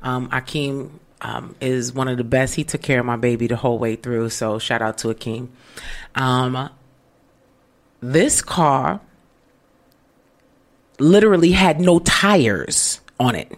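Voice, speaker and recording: A woman with a low voice co-hosts a casual heart-to-heart chat. She tells her stories with animated energy and acts out the voices of the people in them, swinging between hushed moments and excited bursts. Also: slow pace, long pauses. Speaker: podcast co-host.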